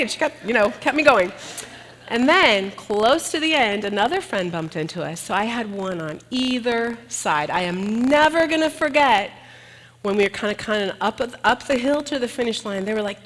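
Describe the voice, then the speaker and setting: A woman giving a sermon in an earnest way, turning lively and animated when she tells a personal story. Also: fairly high pitch, normal speed, a little hiss or hum. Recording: long hall reverb.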